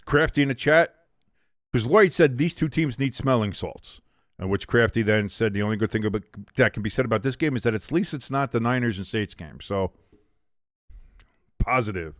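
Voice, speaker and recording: A man hosting a live watch-along stream, chatting casually as an excitable fan and reading out comments from his chat. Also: medium pitch, normal speed, no echo, studio quality.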